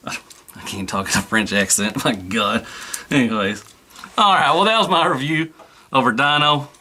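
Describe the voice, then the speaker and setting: A man's voice: medium pitch, moderate pace, pushed and bright, a little hiss or hum. A man giving a casual toy review in an easygoing, rambling way, full of fillers.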